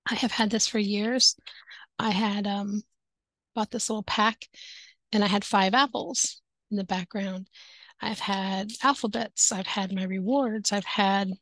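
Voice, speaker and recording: A woman's voice: mid-range voice, no room sound. Woman teacher, upbeat and chatty, headset mic, dry sound. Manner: upbeat, chatty, laughs often. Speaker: online English teacher. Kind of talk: casual teaching tips video. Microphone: headset with headphones.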